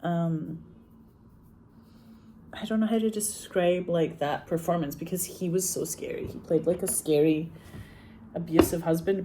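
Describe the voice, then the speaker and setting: A woman's voice: lowish voice, fairly even intonation, moderate pace, background noise. A woman talking about her acting role in a casual, chatty way, laughing often and using many fillers. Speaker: actor discussing her film. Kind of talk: casual interview talk.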